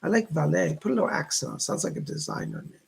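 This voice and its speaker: A man's voice: fairly high pitch, big pitch swings, quick pace, gravelly, breathy edge, poor audio. A man hosting live-stream psychic readings. He reads viewer messages aloud and relays spirit messages. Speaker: psychic reader, show host.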